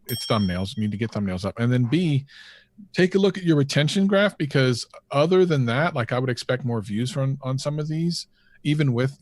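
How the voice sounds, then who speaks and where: A man on a livestream panel giving thoughtful, measured advice on a channel. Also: medium pitch. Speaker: guest reviewer giving advice. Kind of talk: casual panel chat reviewing channels.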